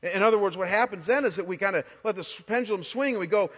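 A man in his forties, a pastor preaching a sermon and telling stories in an animated way, often restarting his words. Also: high voice, fast talker, few pauses, breathy edge. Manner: animated storytelling with frequent word restarts. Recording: long hall reverb.

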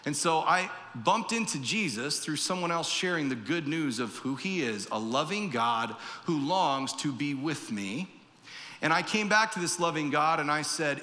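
A man's voice: on the high side, lively intonation, normal speed, bright, forceful tone, long reverb tail. A pastor giving a conversational sermon in a church, acting out the voices he quotes.

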